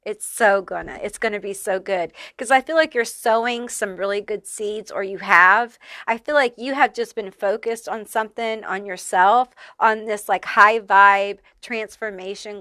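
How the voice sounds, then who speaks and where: A woman's voice: fairly high pitch, sharp tone, no echo, clean studio sound. A woman giving a casual pick-a-card tarot reading, sassy and salty, calling viewers honey and laughing often. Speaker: tarot reader.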